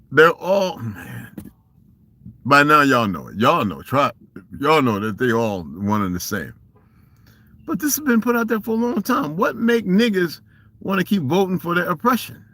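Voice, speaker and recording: A man's voice: medium pitch, a bit bright, no room sound. A man with a Southern US accent ranting casually and profanely on a livestream, emphatic and laughing often. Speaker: livestream host. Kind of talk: casual rant.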